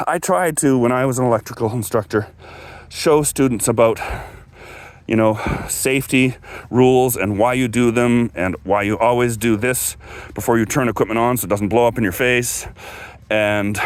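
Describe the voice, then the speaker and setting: A middle-aged man from Canada telling stories in a loose, digressive way, full of fillers and restarts, lifting his voice when he acts out what people said. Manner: acts out quoted dialogue with raised pitch. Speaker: guest speaker, former electrical instructor. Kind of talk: casual storytelling talk.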